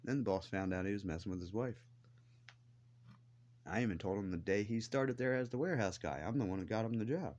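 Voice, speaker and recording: A man's voice: lowish voice, a little fast, a little mellow, muffled recording. A man ranting to the camera in a blunt, defiant way, swearing heavily as he tells his grievances. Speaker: vlogger. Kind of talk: angry profane rant to camera.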